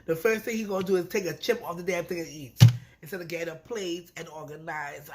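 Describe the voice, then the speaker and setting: A woman talks through a reality TV episode in a loose, chatty recap. Her delivery is animated and emphatic, and she leans on repeated words to drive her points home. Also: on the low side, fast talker. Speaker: reality TV reviewer.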